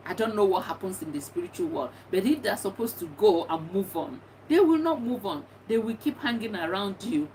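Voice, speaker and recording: A middle-aged woman, a bereaved mother, gives a personal testimony talk with earnest, encouraging advice, often repeating herself. Her voice is medium-pitched with a darkish tone. The mic is distant, with faint background noise.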